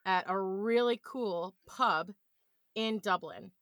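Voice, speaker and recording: A woman's voice: medium pitch, slow pace, a bit bright, no room sound, studio quality. A woman chatting as a podcast guest, telling playful stories in a casual way. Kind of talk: casual chat.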